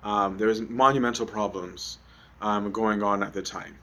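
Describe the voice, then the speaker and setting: A man's voice: lowish voice, steady tone, moderate pace, bright, forceful tone. Conversational man giving a sermon. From Egypt. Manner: conversational, frequent "right?" and "um". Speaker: preacher.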